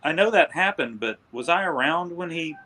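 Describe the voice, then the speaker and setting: Bright-voiced man speaking with thoughtful hesitation. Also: on the high side, expressive, normal speed. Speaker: band member, guest. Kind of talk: casual chat.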